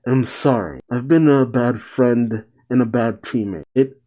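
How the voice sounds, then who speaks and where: Whisper, a soft, subdued wolf girl voiced by a man. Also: medium pitch, a little slow, close to an everyday voice. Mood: quiet sorrow. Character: quiet, guarded young female wolf hero.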